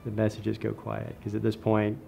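A man, a lab scientist, recounting events in a documentary interview in a measured, reflective way. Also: fairly low pitch, monotone, vocal fry, dark tone, a little hiss or hum.

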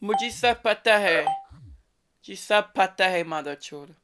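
A woman's voice: mid-range voice, measured pace. A woman making a mocking prank call. She stutters and taunts the person she is talking to. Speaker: prank caller. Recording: noisy background hiss.

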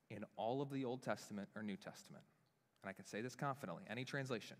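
A young adult male pastor preaching a sermon, staging a live demonstration with volunteers, animated and self-deprecating in a casual way. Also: fast. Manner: animated, self-deprecating, talks with lively pitch swings. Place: church hall. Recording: long reverb of a church hall.

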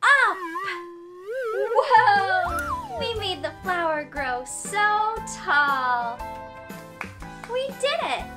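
A woman's voice: high voice, big pitch swings, slow, loud music behind the voice. A woman teaching toddlers, talking right to the child in a sing-song, exaggerated and encouraging way. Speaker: children's educator.

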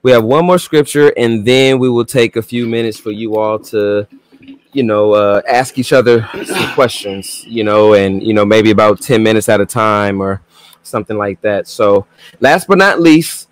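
A man moderating a debate, announcing the passages and giving each side the floor in a measured way. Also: lowish voice, no room sound.

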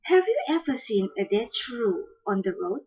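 A woman narrates a folk fable as storyteller host, slowly and expressively. Her fairly high voice has a lively melody and a breathy texture. The recording sounds dull and lo-fi. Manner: slow, expressive fable telling.

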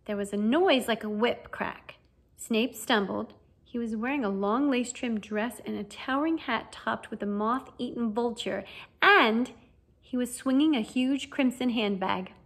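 A woman narrating a children's fantasy novel as an audiobook reader, with a lively, expressive reading. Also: fairly high pitch, unhurried. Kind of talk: storybook narration.

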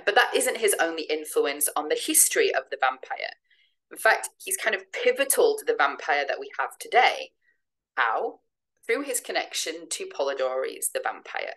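Low-voiced woman lecturing. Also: a bit bright, low-quality recording. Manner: measured, explanatory, with dramatic poetry readings. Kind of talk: recorded academic lecture.

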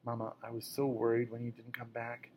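A man's voice: medium pitch, monotone, brisk, darkish tone, slight background noise, natural voice. A man reading as a worried young girl. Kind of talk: audiobook reading.

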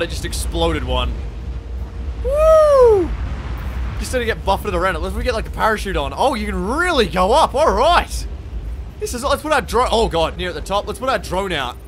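A young Australian man giving excitable, swear-filled commentary while playing a video game. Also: sits high, a little hiss or hum. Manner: excitable, swearing, laughing at chaos. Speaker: gaming YouTuber. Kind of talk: live gameplay commentary.

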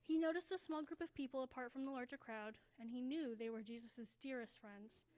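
A woman reading a children's story aloud at a church service, slowing down for emphasis and dropping to a hush. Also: high voice, rough recording. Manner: expressive, slows down for emphasis, drops to a hushed voice.

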